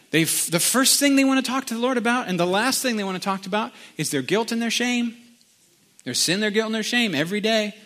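A man's voice: high voice, a bit bright. A middle-aged man, preaching a conversational sermon and slipping into sung lines. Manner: conversational storytelling with sung snippets. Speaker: pastor.

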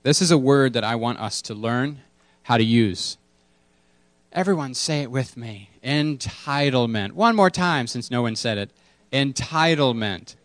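A man's voice: medium pitch, lively intonation, moderate pace, no echo. A man preaching a casual sermon to his congregation, candid and self-deprecating, repeating key words for emphasis. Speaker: pastor.

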